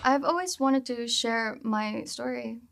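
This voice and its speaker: A woman's voice: on the high side, a little slow, creaky, loud music behind the voice. A young adult woman, a singer-songwriter, talking casually about her song and filling her sentences with "like". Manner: chatty, leans on "like" as filler.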